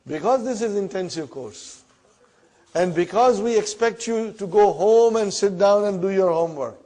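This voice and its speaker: A man teaching a classroom Arabic lesson in English, repeating words slowly and checking in with the students as he goes. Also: high-pitched, dark tone. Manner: repeats words slowly, often asks "huh?" and "brother".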